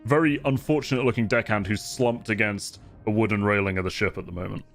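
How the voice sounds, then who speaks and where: A man acting as game master, narrating a tabletop game scene in vivid, relaxed descriptive detail. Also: lowish voice, fast talker, faint music behind.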